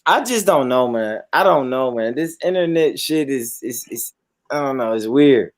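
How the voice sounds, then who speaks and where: A man hosting a casual online panel chat, animated and slangy, often repeating himself. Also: medium pitch, moderate pace, no room sound, studio quality. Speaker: panel host.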